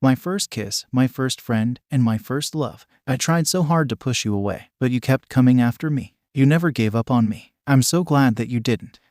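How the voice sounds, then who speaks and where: Man reading young female ninja bride, even unacted delivery, dry. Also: medium pitch, no room sound, natural voice. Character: young female ninja bride, once cold, now tender.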